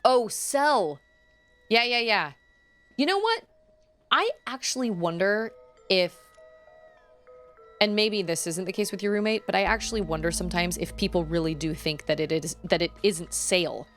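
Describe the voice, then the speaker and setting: A woman's voice: medium pitch, normal speed, pauses often, fairly bright tone, faint music behind. A woman chatting casually while playing a video game, rambling off on tangents and giggling often. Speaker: gaming streamer. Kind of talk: casual let's-play commentary.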